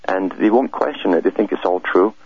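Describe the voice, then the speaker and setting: A man's voice: sits low, a little fast, husky, no echo, phone-quality sound. A man being interviewed as a guest on a radio talk show, explaining steadily with frequent hesitations and repeated words.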